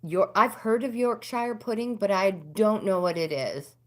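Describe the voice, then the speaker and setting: A middle-aged American woman hosting a casual livestream, chatting with viewers and answering their comments. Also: unhurried. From United States. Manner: chatty, talks back to comments, pitch swings up when animated. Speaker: livestream host.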